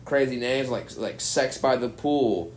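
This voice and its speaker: A man's voice: medium pitch, animated, unhurried, a little mellow, slight background noise. Rambling, profane young man from Arkansas. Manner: rambling, profane, says "dude" a lot. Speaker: stand-up comedian, podcast guest. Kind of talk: casual chat, storytelling.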